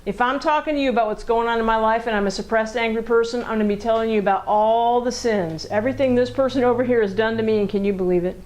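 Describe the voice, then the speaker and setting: A woman's voice: on the high side, fast talker, hardly any pauses, a little mellow, rough recording. A woman counselor leading a group lesson in a group room, talking conversationally, asking the group questions and acting out angry voices.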